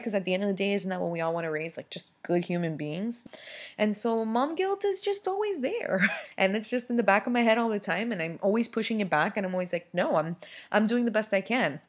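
A young adult woman, a mother of twins, talking casually and candidly about parenting, with lots of fillers and frequent laughs. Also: medium pitch. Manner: chatty and candid, many fillers, laughs often. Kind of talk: casual monologue.

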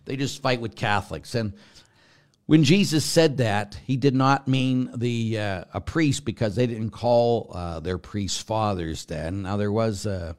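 A man's voice: lowish voice, measured pace, clean tone. A middle-aged man, a Catholic priest, teaching about faith in a loose, conversational way, drifting into tangents and tossing rhetorical questions at his listeners. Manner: rambling, goes off on tangents, asks listeners rhetorical asides.

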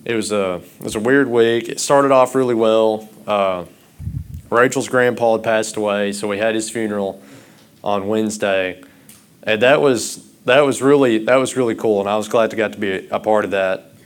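A man preaching a sermon, starting out halting and rambling, then growing louder and impassioned. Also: fairly low pitch, clear, resonant tone.

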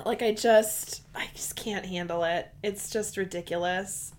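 A woman's voice: medium pitch, moderate pace, hardly any pauses. Giggly, gushing woman chatting about books. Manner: gushing and giggly, heavy "like" fillers. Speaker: podcast co-host. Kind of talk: casual book discussion chat.

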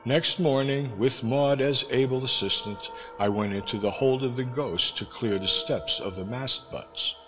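A man narrating an audiobook in a measured, expressive reading. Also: mid-range voice. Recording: reverberant with background music.

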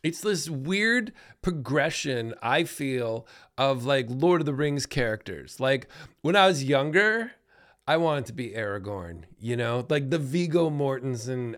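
A man's voice: mid-range voice, expressive, unhurried, fairly bright tone. A man hosting his own podcast, talking alone in a casual, rambling way, joking, with many asides and laughs. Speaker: podcast host. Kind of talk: casual solo monologue.

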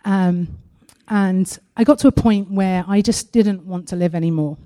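Woman, church testimony, earnest, halting, mellow warm voice. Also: medium pitch. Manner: earnest and halting, with frequent pauses. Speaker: church member sharing a testimony. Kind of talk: personal testimony, partly read aloud.

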